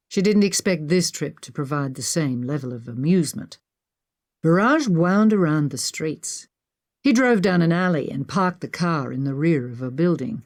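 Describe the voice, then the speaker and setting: A woman reading an audiobook in an even, measured narration style. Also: low voice. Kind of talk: scripted narration.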